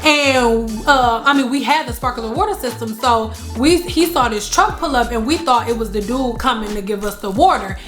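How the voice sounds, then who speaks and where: A woman's voice: fairly high pitch, moderate pace, few pauses, soft background music. A married woman talking casually to her viewers about spirituality, emphatic and repeating her points for stress while telling her own stories. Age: adult, married. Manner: emphatic, repeats lines for stress, animated storytelling. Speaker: spiritual vlogger. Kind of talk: casual spiritual talk to camera.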